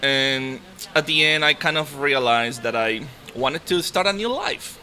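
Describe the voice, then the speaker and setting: This easygoing interview guest, a native Spanish speaker from Nicaragua in his thirties, talks casually with a Nicaraguan accent and frequent laughter. He speaks a little slowly in a bright, forceful mid-range voice, with a little hiss or hum in the recording.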